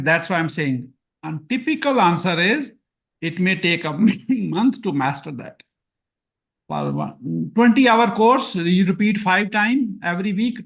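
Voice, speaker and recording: Man, Punjabi-accented English, high voice, live webinar host, repetitive self-deprecating talk. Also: a bit bright. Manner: self-deprecating, repetitive, reads chat aloud. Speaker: course host.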